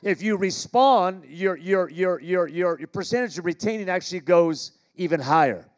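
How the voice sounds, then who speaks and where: A man's voice: high-pitched, lively intonation, moderate pace. A middle-aged American man from Los Angeles preaching a sermon, joking with the congregation and calling for responses. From Los Angeles, California. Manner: jokey, calls for audience responses. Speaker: pastor. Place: large church auditorium.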